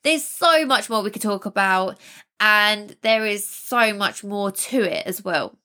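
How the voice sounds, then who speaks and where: A woman's voice: medium pitch, expressive, unhurried, bright, forceful tone. A young woman hosting a self-help podcast, talking casually and reassuringly with small laughs and restarts. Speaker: podcast host. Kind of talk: casual solo podcast talk.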